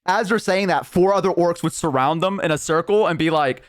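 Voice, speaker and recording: A man's voice: high voice, a little fast, few pauses. A young man streaming, telling a long story in casual, rambling, profane chat full of "like". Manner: rambling, profane, heavy use of "like".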